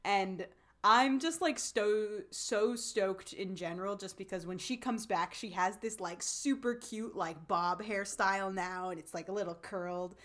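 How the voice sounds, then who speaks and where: A woman co-hosting a podcast, chatting casually and excitedly about a drama, full of fillers and acted-out lines. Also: medium pitch, measured pace, few pauses. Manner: bubbly, lots of fillers, acts out characters' lines. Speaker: podcast co-host. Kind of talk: casual chat recapping a drama.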